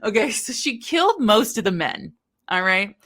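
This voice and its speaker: A woman co-hosting a podcast, telling a book's plot as a chatty, animated storyteller with quick asides. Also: a little high. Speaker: podcast co-host recapping a book. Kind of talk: casual chat.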